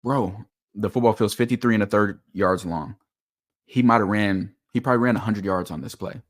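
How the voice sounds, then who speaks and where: A man casually breaking down football game film, talking in a quick, animated, explanatory way. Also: lowish voice.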